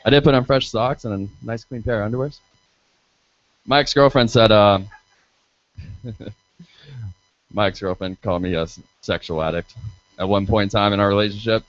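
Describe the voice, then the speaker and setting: With a low-leaning voice, moderate pace and long pauses, a stand-up comedian and radio host works a bar crowd through a handheld stage mic. He swears freely in crude, self-deprecating banter, teasing himself and the audience, captured as dull lo-fi livestream audio with no echo.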